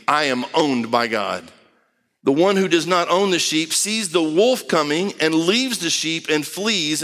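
A man preaching a conversational sermon, reading scripture aloud and acting out quick voices. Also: a little high, sharp tone, long reverb tail.

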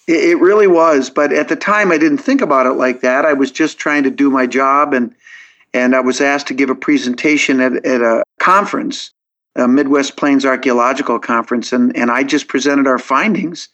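A man's voice: mid-range voice, fairly even intonation, moderate pace, a bit bright. A man, a guest on a podcast interview, earnestly walking through his reasoning step by step, often restarting his sentences. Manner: logical, earnest storytelling with frequent restarts. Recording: dull lo-fi audio.

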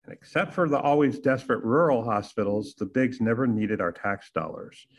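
A man's voice: medium pitch, normal speed. A man, hosting a podcast and delivering a sarcastic, punchy opinion monologue full of rhetorical questions. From Texas. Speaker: podcast host.

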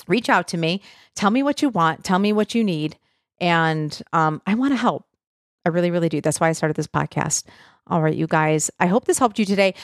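A woman's voice: on the low side, dry recording, studio quality. A middle-aged woman hosting her own podcast in casual chat, talking to listeners and playing out what they might say. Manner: chatty, animated quoting of listeners. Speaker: podcast host.

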